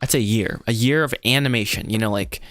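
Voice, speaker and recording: A man's voice: fairly low pitch, fast, fairly bright tone, soft background music. A man chatting casually on a livestream while writing a script, rambling, correcting himself and laughing often. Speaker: animation filmmaker livestreaming his script writing.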